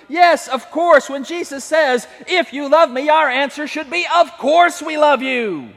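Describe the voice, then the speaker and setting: A man delivers a sermon in a church sanctuary, drawing his congregation into call-and-response. His voice sits very high and his delivery is slow and deliberate. A long hall reverb trails every phrase. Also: gravelly, a bit bright. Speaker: pastor.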